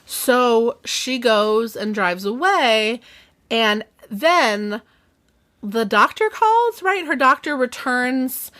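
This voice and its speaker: A woman's voice: fairly high pitch, very slow. A young woman hosting a podcast, animatedly retelling a book's plot in casual chat. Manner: chatty, animated, laughing retelling. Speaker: podcast host. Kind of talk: casual chat recapping a book.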